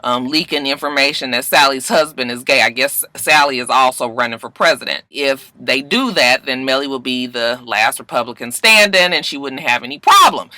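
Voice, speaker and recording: A woman's voice: very deep voice, moderate pace, few pauses, pushed and bright, no echo. A woman vlogger recapping TV episodes in a sassy, chatty way, often tossing in "okay?" and acting out characters' lines. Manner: acts out characters' lines in shifting voices. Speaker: TV review vlogger.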